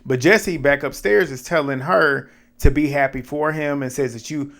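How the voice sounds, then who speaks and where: A man giving casual reality TV recap commentary in an animated, blunt way, swearing and laughing at what happened. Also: fairly high pitch, moderate pace, vocal fry.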